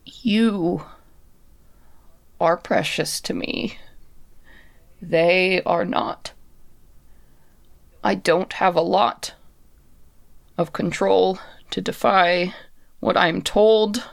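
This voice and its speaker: A performer voicing a wary, guarded undead woman who is bound like a puppet on a leash, speaking in slow, halting lines. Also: medium pitch, fairly even intonation, creaky, dry recording. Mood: earnest.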